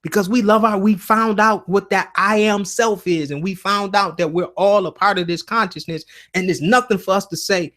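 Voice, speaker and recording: A man's voice: high-pitched, steady tone, normal speed, few pauses, fairly bright tone. A man hosting a casual live-stream show, telling stories earnestly with many restarts and fillers. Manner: emotional, earnest.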